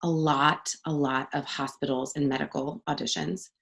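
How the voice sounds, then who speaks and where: A young woman talks in a relaxed, chatty way, full of fillers and quick asides. Her voice sits low for a woman. She is recorded on a home studio mic. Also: vocal fry. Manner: chatty, upbeat, many fillers. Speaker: voice actor guest. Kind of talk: casual interview chat.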